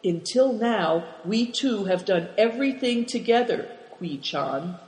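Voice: mid-range voice, very animated, slow, voice pushed up. A reader voicing a timid, stubborn boy. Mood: earnest. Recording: roomy hall reverb.

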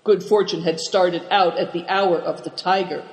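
High-voiced male audiobook narrator. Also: steady tone, normal speed. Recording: echoey room with long reverb.

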